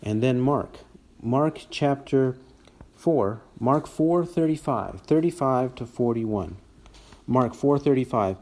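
A man preaching an expository sermon, reading scripture aloud and growing more forceful at its dramatic lines. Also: medium pitch, slow pace.

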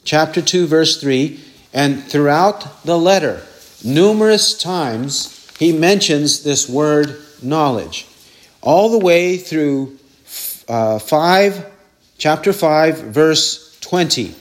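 A man's voice: a little high, expressive, takes it slowly. A man preaching an expository sermon, repeating verse references and asking rhetorical questions.

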